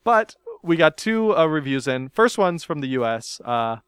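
Lively, animated man hosting a podcast. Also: on the high side, normal speed, clean tone, no room sound, studio quality. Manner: animated, laughs often, teasing. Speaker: podcast host. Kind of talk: casual podcast chat.

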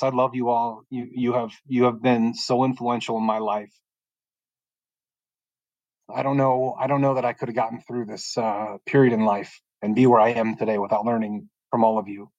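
A middle-aged man from the United States telling a personal faith testimony in a calm, soft-spoken way, often pausing and restarting as he gets emotional. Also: medium pitch, no room sound, highs cut off. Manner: halting and emotional, frequent restarts. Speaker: podcast guest sharing testimony. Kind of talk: personal testimony, casual storytelling.

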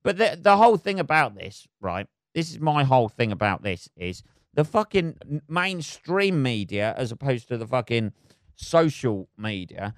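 A man rants sarcastically on his solo podcast, swearing in almost every sentence. His voice sits a little high and comes across smooth and clear. The sound is close and dry, with no room echo. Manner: swears constantly, sarcastic, rambling. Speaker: podcast host.

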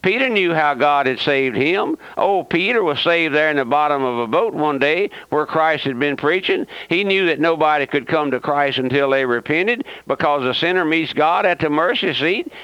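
A man's voice: on the high side, animated, normal speed, hardly any pauses, a bit bright, clean tone, no echo. A man preaching a radio sermon, fervent and folksy, repeating himself and firing rhetorical questions at his listeners with a sarcastic edge. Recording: dry, muffled lo-fi radio recording.

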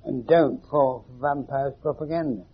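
Captured on muffled 1980s tape, a man from England speaks at normal speed in a husky, mid-range voice. He's a spiritual teacher addressing a small group in a meeting room, teasing them wryly and posing questions.

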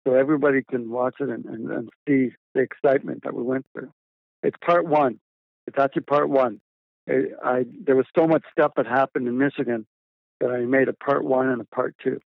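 A man's voice: mid-range voice, fairly even intonation, a little fast, gravelly, no echo. A man, a documentary filmmaker, telling a story in a rambling, casual way with repeated words and fillers. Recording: tinny phone line, dry.

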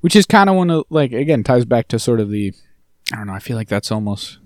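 A man co-hosting a podcast, chatting casually about a TV episode and jumping into animated impressions of the characters. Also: quick pace, dry recording, studio quality. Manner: animated, jumps high when mimicking characters. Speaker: podcast co-host. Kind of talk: casual chat recapping a TV episode.

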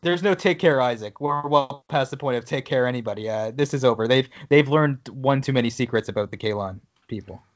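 Casual male podcast co-host, mid-pitched, plain voice, dull lo-fi audio, jokey recap delivery. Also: a little fast, few pauses. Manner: recaps scenes by reading out dialogue, then jokes.

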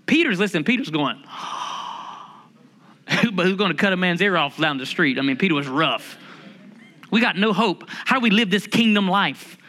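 Male pastor, high bright voice, humorous lively sermon delivery. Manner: lively, humorous preaching with drawn-out emphasis.

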